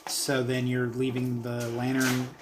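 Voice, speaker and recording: A man running a tabletop game as game master, narrating the scene and answering players with a relaxed, hesitant manner. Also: mid-range voice, measured pace, background noise. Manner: easygoing, hesitant with ums.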